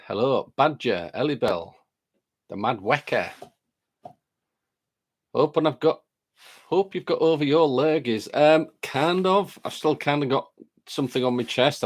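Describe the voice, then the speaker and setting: A man's voice: mid-range voice, normal speed, long pauses. A man hosting a live stream, chatting casually and greeting viewers by name while reading their comments aloud, with a lingering chest cold.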